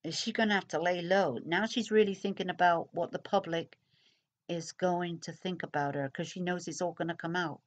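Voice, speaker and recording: A woman's voice: fairly low pitch, dull audio. Chatty woman speculating aloud. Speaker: true crime commentator. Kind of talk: casual recorded commentary.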